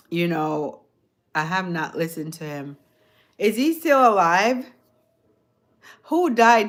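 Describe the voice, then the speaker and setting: A woman's voice: lowish voice, fairly bright tone. A woman with a light Jamaican accent rambling casually to her live viewers, chuckling often and asking them questions. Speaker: livestream host.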